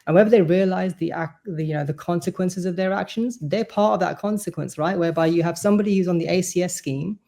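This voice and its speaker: A man's voice: high voice, quick pace, vocal fry, hardly any pauses, mellow. A man, a supporters' representative, talking earnestly and at length as a guest on a podcast. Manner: earnest, talkative, explains at length. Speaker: supporters' board vice-chair, podcast guest. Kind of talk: casual podcast chat.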